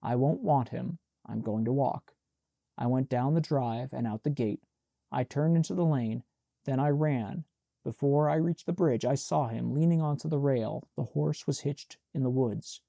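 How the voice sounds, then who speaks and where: Guy narrating an old novel, dark deep gravelly voice, somber and measured. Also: dry recording, studio quality. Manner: measured, somber literary reading. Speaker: audiobook narrator. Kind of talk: scripted audiobook narration.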